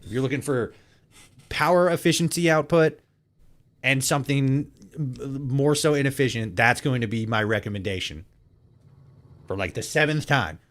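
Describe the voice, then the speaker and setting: A man's voice: mid-range voice, normal speed, long pauses, fairly bright tone. A young man casually commenting while playing a game, swearing freely, laughing often and thinking aloud.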